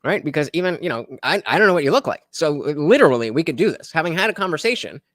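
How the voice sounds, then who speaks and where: A man hosting a live stream, talking through a debate recording in a casual, halting way with lots of fillers and restarts. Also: on the high side, big pitch swings, a bit bright, no room sound. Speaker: streamer reviewing his own debate.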